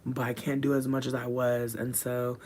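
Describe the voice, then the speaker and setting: A livestreamer chatting casually from a room at home, rambling and swearing, swinging between quiet mutters and loud bursts. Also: mid-range voice, monotone, moderate pace, slight background noise.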